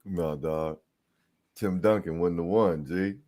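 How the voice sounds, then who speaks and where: This sports podcast co-host, heard on a live stream call, relays players' stories with lively energy, slang and swearing in a casual conversation. He has a low, mellow voice and takes things slowly.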